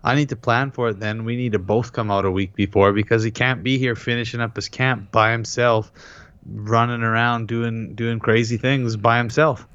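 A man co-hosting a podcast, casually telling an animated story and quoting others as he goes. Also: medium pitch, moderate pace, clean tone, dry recording. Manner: animated retelling, quotes others in their voices. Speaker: podcast co-host. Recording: dull, dry lo-fi sound.

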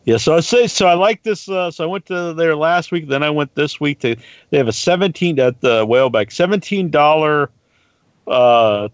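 On a casual podcast chat, a male co-host rambles through long stories, swearing plenty along the way. His voice is on the high side and his pace moderate, captured in a dry, slightly dull recording.

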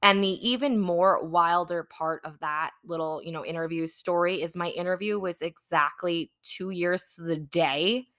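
A woman's voice: lowish voice, moderate pace, few pauses, a bit bright. A woman hosting her own podcast, telling a personal story in a rambling, chatty way full of fillers. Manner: rambling, chatty, many "like" and "you know" fillers. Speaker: podcast host and manifesting coach.

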